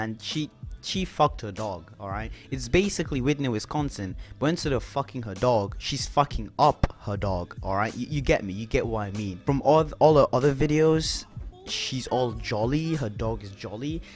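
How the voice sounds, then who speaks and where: A man's voice: medium pitch, lively intonation, normal speed, soft background music. A young man ranting in a YouTube commentary video, swearing often and using lots of filler words.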